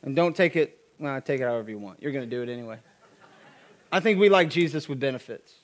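A man's voice: mid-range voice, lively intonation, fast talker. A man preaching a sermon as a pastor, casual with joking asides.

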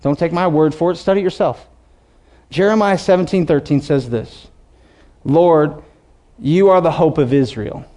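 Man, pastor, sermon, high voice, lively preaching, acts out quotes. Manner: animated preaching, reads scripture slowly, acts out voices.

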